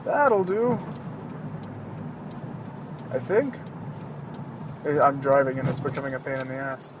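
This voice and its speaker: A podcast host with a mid-range, very animated voice rambles casually from inside his car as he drives, speaking a little slowly over background noise. He jokes and swears sarcastically through the monologue.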